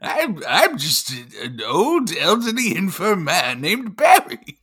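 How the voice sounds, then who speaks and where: A man putting on the voice of a frail elderly invalid man, high, quavering and over the top. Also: huge pitch swings, slow pace, a bit bright, breathy edge, full character voice. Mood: indignant. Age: older.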